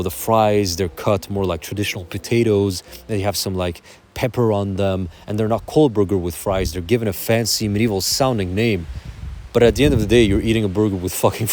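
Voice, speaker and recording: Québécois man with a low voice. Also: mellow, a little hiss or hum. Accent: Québécois French. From Quebec. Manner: opinionated, conversational, swears casually. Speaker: music channel host. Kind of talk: casual explanatory monologue.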